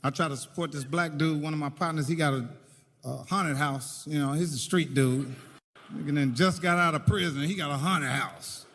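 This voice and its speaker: A man doing stand-up storytelling in an excitable way, acting out characters. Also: normal speed. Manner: high, sharp and excitable, acts out characters. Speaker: stand-up comedian. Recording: echoey hall with faint noise.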